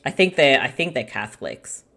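A woman's voice: very deep voice, big pitch swings, moderate pace, fairly bright tone. A woman with an Australian accent, chatty and giggly as co-host of a casual movie commentary chat. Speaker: podcast co-host.

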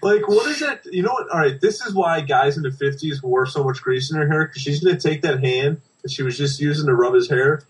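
A man's voice: fairly high pitch, a little fast, few pauses, recorded from a distance, low-quality recording. Guy cohost cracking crude jokes, sitting back from the mic a bit. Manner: crude, wry running jokes. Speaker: podcast co-host. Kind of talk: casual movie commentary chat.

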